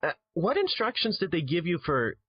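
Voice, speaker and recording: A man's voice: sits high, huge pitch swings, moderate pace, breathy edge. A man interviewing a guest, asking long, rambling questions full of fillers and restarts. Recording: dull lo-fi sound.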